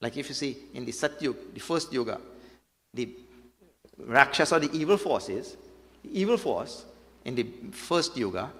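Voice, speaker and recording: Man, preacher, mid-pitched voice, repeats words for emphasis, long echo of a hall. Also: animated, normal speed, long pauses, fairly bright tone. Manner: storytelling with rhetorical questions, repeats words for emphasis. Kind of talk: devotional sermon. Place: temple hall.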